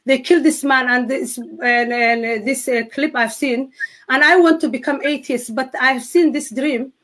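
High-voiced Somali-born woman, halting. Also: steady tone, fairly bright tone. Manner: halting, non-native phrasing with many restarts. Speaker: guest telling her testimony. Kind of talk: emotional personal testimony.

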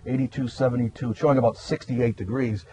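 A man's voice: medium pitch, steady tone, brisk, mellow, slightly rough, rough recording. A man, a meteorologist guest explaining things in a rambling, hesitant way. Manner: rambling, hesitant with many uhs. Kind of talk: casual explanatory chat. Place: outdoors in a garden.

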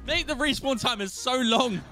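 A young man chatting casually with friends while gaming, excitable and prone to sudden shouts. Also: very high voice, normal speed, faint music behind. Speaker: gamer.

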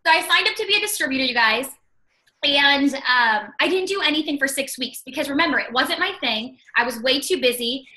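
Bright high-voiced chatty woman. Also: poor audio. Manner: chatty, upbeat, many "like"s and "you guys". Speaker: guest speaker. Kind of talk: personal success story on a call.

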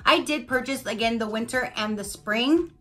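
A woman's voice: a little high, normal speed, pushed and bright, soft background music. Gushing chatty woman unboxing vlogger. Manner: gushing, chatty, many "like"s and "you guys". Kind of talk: casual product review.

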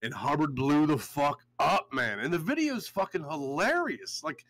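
A man's voice: fairly high pitch, animated, normal speed, fairly bright tone, no room sound, poor audio. A man hosting a podcast, ranting in a heated, profane, storytelling way. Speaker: show host. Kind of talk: casual podcast rant.

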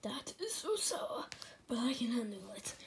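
A woman's voice: a little high, very animated, a little slow, a little hiss or hum. A woman voicing a boastful male plush plumber toy who whispers his lines.

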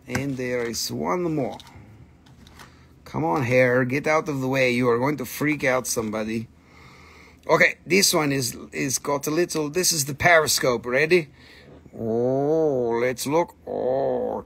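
A man's voice: mid-range voice, takes it slowly, creaky, a bit bright, husky. A man hosting a live stream where he sells minerals, chatting casually and joking around, and talking to his dogs between items. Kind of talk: casual live sales chat.

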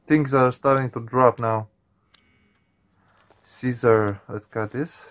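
Man reacting to a horror game for viewers; spooked, swearing, unhurried delivery, mid pitch. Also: fairly even intonation. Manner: jumpy, swearing, talks to viewers. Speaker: gaming channel host.

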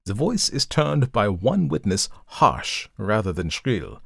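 A man voicing a methodical male detective who explains his reasoning in a measured, formal way, in a storybook reading. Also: on the low side, sing-song, gravelly, breathy edge, no echo, studio quality, exaggerated voice. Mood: lecturing. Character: coolly analytical male detective, methodical, lecturing. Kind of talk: audiobook reading of a classic story.

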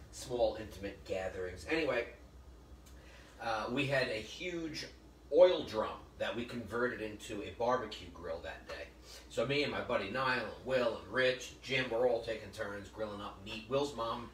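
A man's voice: fairly low pitch, a bit bright. A man hosting a live cooking demo as a chef, chatty and joking, often calling his viewers folks while he works. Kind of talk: live cooking demonstration with storytelling. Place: kitchen or library demo room. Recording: roomy, distant mic with faint noise.

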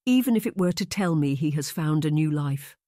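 A wistful young noblewoman pining for a lost love, read by an audiobook narrator. She speaks in hushed, tired tones, close and dry, with a mid-range voice. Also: mid-range voice, lively intonation, brisk, no room sound, close to an everyday voice. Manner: hushed, resigned delivery. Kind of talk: audiobook character reading.

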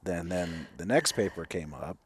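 A man's voice: deep voice, expressive, moderate pace, a little hiss or hum. A man in his thirties, a counselor hosting a candid conversation, reflective, with many fillers and restarts. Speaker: clinical counselor and host.

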